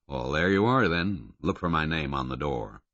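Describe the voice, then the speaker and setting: A man's voice: rumbling low, animated, a bit bright, no echo, dull audio, heavily acted. George Burley, a wry, easygoing train conductor voiced by a man. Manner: drawn-out, wry, ends statements with a questioning "eh". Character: bulky middle-aged male train conductor, ironic and easygoing.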